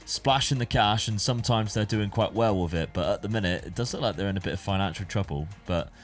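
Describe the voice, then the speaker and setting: Man, low-ish voice, casual rambling game commentary, faint music behind. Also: fast talker. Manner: chatty, rambling, self-correcting. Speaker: gaming YouTuber.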